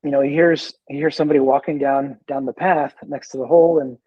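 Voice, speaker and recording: A man who is a veteran in recovery, a guest in a casual interview, talking in a halting, easygoing way with many repeated words. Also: a little high, steady tone, slightly rough, no echo, highs cut off.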